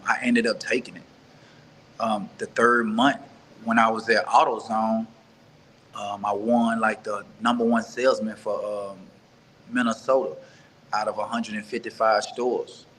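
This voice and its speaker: A man from Mississippi recounts his life story to an interviewer in an earnest, halting way, stopping to restart and repeat his words. His voice sits on the lower side, with a faint hiss of background noise. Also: a bit bright, poor audio. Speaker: interview guest. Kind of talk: personal life story in conversation.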